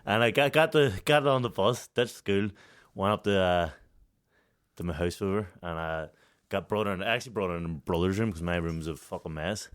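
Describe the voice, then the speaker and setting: A man's voice: low-pitched, brisk, clean tone. A Northern Irish man in his thirties, a podcast co-host telling a story in casual chat, swearing a lot and breaking into laughter. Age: 30s. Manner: profane, animated, laughs often while telling a story.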